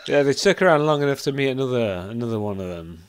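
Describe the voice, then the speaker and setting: A man's voice: medium pitch, expressive, quick pace, a little hiss or hum. A man running a tabletop game as game master, narrating chattily and laughing often.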